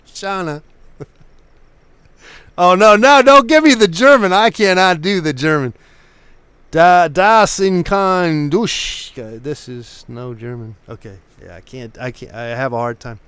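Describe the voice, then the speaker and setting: A man's voice: medium pitch, a bit bright, smooth, no room sound. Rambling man host, a few drinks in. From Oakland, California. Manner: rambling, stumbling over words, restarts. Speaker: live-stream painting host. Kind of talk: casual live-stream chat.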